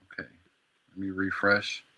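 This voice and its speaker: A man's voice: deep voice, monotone, unhurried, sharp tone, slight background noise. A man on a casual livestream practicing Arabic words, repeating them over and over in a slangy, playful way. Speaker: streamer learning Arabic.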